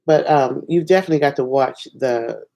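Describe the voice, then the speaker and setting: A woman chatting excitedly on her first livestream from home at night, rambling and laughing, with sudden bursts of squealing joy. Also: a bass voice, a little fast, vocal fry, rough recording. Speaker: filmmaker and singer doing her first livestream. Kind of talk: casual excited livestream chat.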